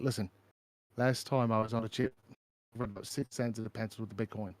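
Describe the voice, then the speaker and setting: A man's voice: lowish voice, fairly even intonation, a little fast, no echo. Casual male stream host from Minnesota, joking and off the cuff, dry close mic. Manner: loose, joking, swears casually. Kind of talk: casual chat. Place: home, rural.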